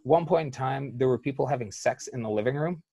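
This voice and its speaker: A man's voice: medium pitch, fairly quick, dark tone, slightly rough, no room sound. A man telling rambling stories in casual chat, with lots of fillers and swearing.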